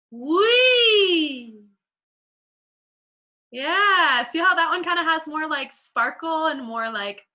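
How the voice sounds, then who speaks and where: A woman leads a singing lesson with a bright, clear tone, in a fairly high speaking voice. She talks casually and stops to sing short sounds as examples. Her delivery is relaxed, with easy fillers between points. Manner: demonstrates sounds with sung vocal examples. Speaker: voice teacher. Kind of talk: teaching a singing class.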